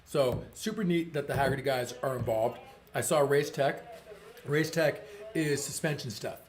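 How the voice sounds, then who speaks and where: A man's voice: mid-range voice, normal speed, faint music behind. A man co-hosting a race stream, chatting casually and ad-libbing sponsor thank-yous in a loose, joking way. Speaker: stream co-host.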